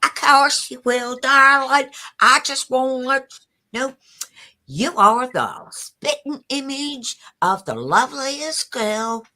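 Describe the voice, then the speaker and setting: Older woman doing a southern belle voice, high and gushy, kinda breathy and drawn out. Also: animated, takes it slowly, bright, forceful tone, heavily acted. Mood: gushing. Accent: American Southern, put on. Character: sweet-talking Southern belle, adult woman.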